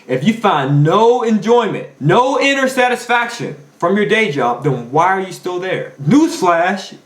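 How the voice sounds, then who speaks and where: A man's voice: fairly high pitch, echoey room. A man giving a motivational finance talk as a coach, emphatic and preachy, firing off rhetorical questions. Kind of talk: motivational monologue.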